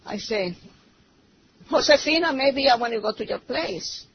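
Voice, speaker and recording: High-voiced woman with a Spanish accent. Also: normal speed, creaky. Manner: broken English, slipping into Spanish, animated storytelling. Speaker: church member giving testimony. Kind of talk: personal testimony. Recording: slightly muffled recording with faint noise.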